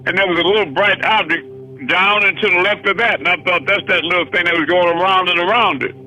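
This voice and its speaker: Spiritual teacher, male, high piercing voice, folksy repetitive delivery, soft music underneath. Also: steady tone, fast, poor audio. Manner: plainspoken, colloquial, repeats himself. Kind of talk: recounting a vision in a call-in meeting.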